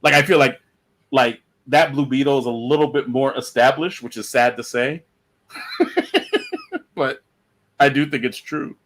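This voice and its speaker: A man's voice: mid-range voice, fairly even intonation, moderate pace, a bit bright. Rambling man on a podcast call. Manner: rambling, many fillers and restarts. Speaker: panelist on a comics podcast. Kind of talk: casual panel discussion.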